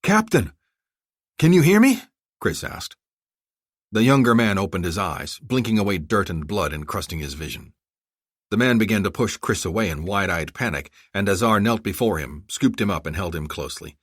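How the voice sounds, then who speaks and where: A man narrating a thriller audiobook in a dramatic, measured way. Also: low voice, expressive, fairly bright tone, breathy edge, no room sound, clean studio sound. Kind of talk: scripted narration.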